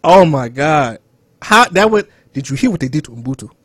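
A young man, joking loudly and then dropping low as a podcast co-host. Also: moderate pace, no echo, studio quality. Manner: animated, joking, swings loud and soft. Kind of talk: casual podcast chat.

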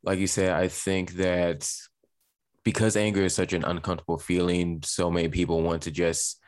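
Deep-voiced man, dry close sound. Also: flat delivery, normal speed, no room sound. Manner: reflective, builds on guest's points. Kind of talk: conversational interview.

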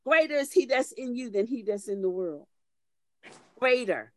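A woman's voice: on the high side, lively intonation, moderate pace, a little mellow, dry recording. A woman pastor delivering a sermon, moving from conversational storytelling to fervent preaching and calling out to members of her congregation by name.

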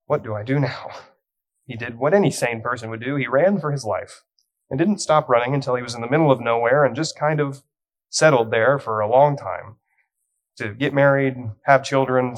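A young youth pastor delivers a sermon in a mid-pitched voice. He tells the story with light humor and reads the scripture with dramatic weight. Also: rough recording.

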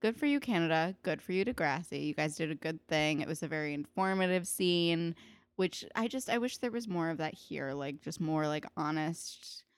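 A woman's voice: deep voice, animated, moderate pace, clean tone, no room sound. A woman co-hosting a podcast, giving blunt, opinionated takes in casual chat and swearing freely. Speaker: podcast co-host.

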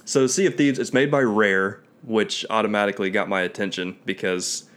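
A man's voice: lowish voice, steady tone, normal speed, fairly bright tone, smooth. A man co-hosting a casual talk show, easygoing and hedging as he thinks aloud. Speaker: podcast co-host. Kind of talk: casual chat about video games.

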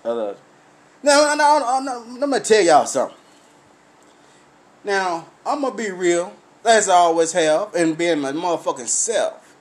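A man talks casually to his livestream viewers while tipsy from drinking. His voice sits high for a man, and his talk is profane and rambling, swearing freely. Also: very animated, a little slow.

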